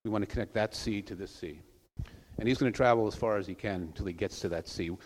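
A man giving an informal sermon, telling stories in a conversational way with soft trailing asides. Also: fairly low pitch, fast talker, big-room sound. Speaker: preacher.

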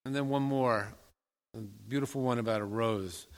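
A man's voice: medium pitch, fairly even intonation, moderate pace, creaky. A man preaching a conversational sermon as pastor, often asking the congregation direct questions. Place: church sanctuary. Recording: long reverb of a large hall.

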